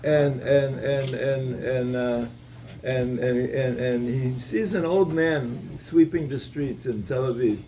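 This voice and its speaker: A man giving a Torah talk at an evening gathering, telling a story in a halting way, with many repeated words and restarts. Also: mid-range voice, dark tone, distant mic, a little hiss or hum, low-quality recording.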